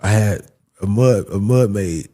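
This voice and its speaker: A young man casually telling a story, animated and swearing, acting out the voices of the people in it. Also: lowish voice, a little slow.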